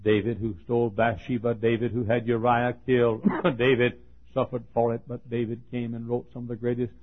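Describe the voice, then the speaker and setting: A man's voice: medium pitch, level tone, brisk. A man preaching a sermon in a folksy, joking storytelling manner, chuckling and coughing as he goes. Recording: tinny phone-like sermon tape.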